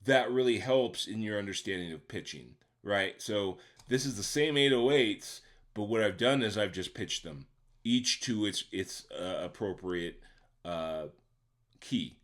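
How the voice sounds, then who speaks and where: In a conversational software tutorial, a man explains step by step how he made a beat, often checking in with a "right?". His voice sits on the low side, is a bit bright, and moves slightly slowly.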